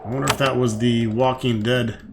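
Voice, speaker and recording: A man's voice: mid-range voice, little pitch movement, brisk, creaky, noisy background. A man hosting a let's play, reading the game's text aloud and adding offhand, jokey asides. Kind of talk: casual game commentary, reading on-screen text aloud.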